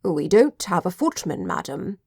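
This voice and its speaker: A woman voicing an elderly male butler in his seventies, formal and devoted, speaking slowly and softly. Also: on the low side, huge pitch swings, breathy edge, dry recording, studio quality, exaggerated voice.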